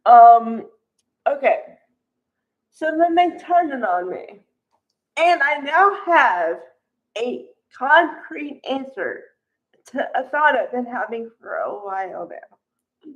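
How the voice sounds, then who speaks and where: A woman's voice: on the high side, very animated, slow, long pauses, lo-fi sound. A woman chatting casually as a soap opera commentator, frank and chatty, laughing often and calling people honey.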